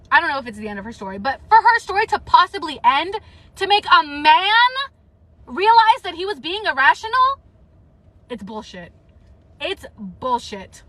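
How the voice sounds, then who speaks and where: Live on stream, a woman reads a novel aloud in a high, bright, forceful voice, with no echo in the recording. Her reading is interrupted by emphatic, repetitive rants full of swearing about the plot.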